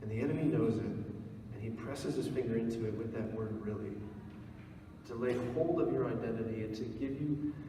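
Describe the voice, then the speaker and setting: A man, a priest, giving a retreat sermon, asking earnest repeated questions and slowing down for emphasis. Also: mid-range voice, background noise. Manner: earnest, repetitive rhetorical questions, slows for emphasis. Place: church. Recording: echoey church hall, speaker far from mic.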